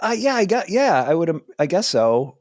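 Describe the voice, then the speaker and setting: With a high, sing-song voice and a darkish tone, a comedian from New Jersey in his forties talks at a moderate pace during a casual interview. His guest chatter is rambling and self-deprecating, full of laughter. The studio-quality recording has no room sound.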